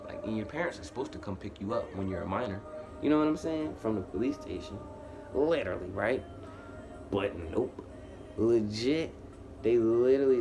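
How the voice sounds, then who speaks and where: A young man telling a true story in casual, slangy talk full of repeated fillers, acting out his own past lines in a much higher, louder, slower voice. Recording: faint background noise.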